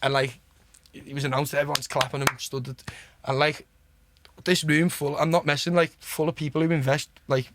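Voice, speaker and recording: A man's voice: a little high, a little fast, heavy background noise. A man with a Liverpool accent, a podcast guest telling stories in a chatty, sweary way and keeping on asking "do you know what I mean". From Liverpool, England. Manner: gets excited and laughs while telling stories. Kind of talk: casual anecdote-telling.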